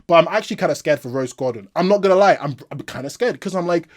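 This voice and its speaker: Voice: mid-range voice, animated, fast, few pauses. A channel host giving a casual solo movie review, exasperated and repetitive, often breaking into laughs.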